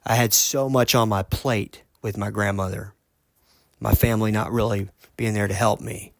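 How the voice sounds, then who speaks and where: Halting man telling a story. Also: fairly low pitch, fairly even intonation, creaky, no echo. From United States. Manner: earnest, halting, with frequent restarts. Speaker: podcast host. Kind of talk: personal storytelling monologue.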